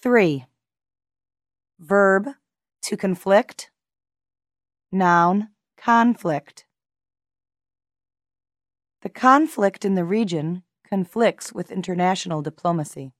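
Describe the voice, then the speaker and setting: A woman reading language lesson examples in a measured way, enunciating each word carefully and pausing between words. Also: fairly low pitch, no room sound, studio quality. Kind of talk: slow, deliberate lesson reading.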